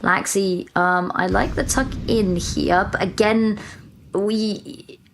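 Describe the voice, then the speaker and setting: British woman, esports color caster, mid-pitched, analytical and wry, slight background hiss. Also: fairly even intonation, takes it slowly, creaky. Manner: analytical, wry, joking asides. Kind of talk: live esports color commentary.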